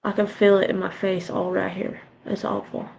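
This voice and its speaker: A woman hosts a casual livestream with a stuffed-up nose, talking to her viewers and her pets between remarks. Her voice is gravelly, with a low, even tone that hardly rises or falls. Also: normal speed, rough recording. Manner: chatty, talks to viewers and pets. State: congested. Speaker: livestream host.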